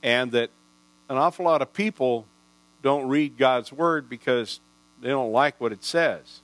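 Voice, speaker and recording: Preaching at a measured pace, this sixty-something pastor spins folksy, meandering sermon anecdotes and keeps restarting his sentences. The voice is mid-range and fairly bright. Sound quality is rough, with a dry capture and audible mains hum.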